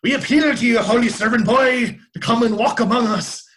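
A man's voice: very high-pitched, normal speed, a bit bright, pitched above the performer's own voice. A man preaching a sermon voices the Irish people pleading for help, in a mock Irish accent.

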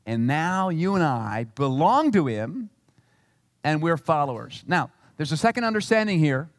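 A male pastor preaching a sermon in an animated, emphatic way. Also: a little high, normal speed, dry recording, long reverb tail. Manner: animated and emphatic, acting out quotes.

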